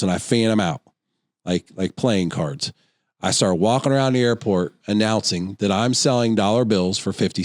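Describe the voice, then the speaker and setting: A man's voice: fairly low pitch, no room sound, clean studio sound. A middle-aged man co-hosting a podcast, telling a long anecdote in casual chat and acting out other people's voices as he goes. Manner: animated storyteller, acts out voices in anecdotes. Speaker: podcast co-host.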